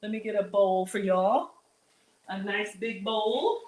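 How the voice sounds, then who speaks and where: A woman's voice: mid-range voice, takes it slowly, darkish tone. A woman hosting a casual live cooking demo from her home kitchen, chatty and upbeat, calling her viewers y'all. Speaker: cooking show host.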